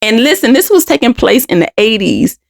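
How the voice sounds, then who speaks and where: Gravelly middle-aged woman telling her story. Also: a little high, big pitch swings, brisk. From Washington DC, United States. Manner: candid, emotional, often restarts and repeats words. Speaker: podcast host. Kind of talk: personal storytelling monologue.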